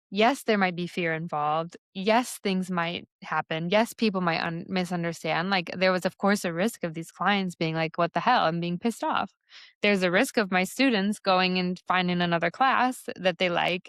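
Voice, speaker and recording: A woman's voice: lowish voice, no room sound, studio quality. A young adult woman hosting a solo podcast, talking candidly about her coaching work in a loose, conversational way with lots of fillers. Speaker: podcast host and somatic embodiment coach. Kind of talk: reflective solo podcast monologue.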